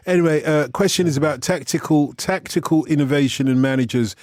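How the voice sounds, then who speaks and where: A man hosts a late-night radio phone-in from the studio, chatty and joking as he reads out listener emails. His mid-pitched voice sounds close and dry, with no room around it. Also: a little fast, hardly any pauses, darkish tone, no echo.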